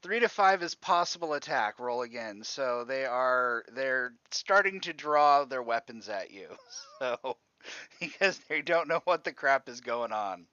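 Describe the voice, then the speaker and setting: Lively, rambling game master, man. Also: medium pitch, measured pace, clean tone, dry recording, highs cut off. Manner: rambling, laughs often, thinks aloud. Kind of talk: narrating a tabletop game.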